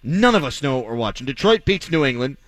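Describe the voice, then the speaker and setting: A man's voice: mid-range voice, big pitch swings, fast talker, fairly bright tone, no echo. A man hosting a sports talk radio show, delivering a blunt, sarcastic, opinionated monologue.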